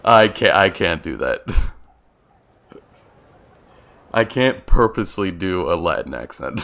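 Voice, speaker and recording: A man's voice: sits low, lively intonation, slow, creaky, a bit bright. A young man streaming a video game, chatting casually, laughing often and restarting his sentences. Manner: laid-back, laughs often, hesitant restarts. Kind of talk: casual gameplay commentary.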